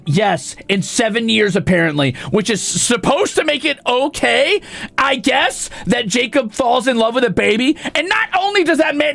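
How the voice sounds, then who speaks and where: A man streaming, ranting indignantly and profanely, often breaking into shouts. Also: very high-pitched, gravelly. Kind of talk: casual stream rant.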